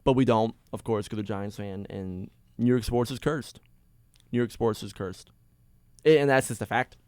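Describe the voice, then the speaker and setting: A man hosting a sports podcast, ranting alone in an excitable, rambling way with many restarts. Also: fairly low pitch, moderate pace, clean tone, dry recording. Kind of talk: casual solo sports rant.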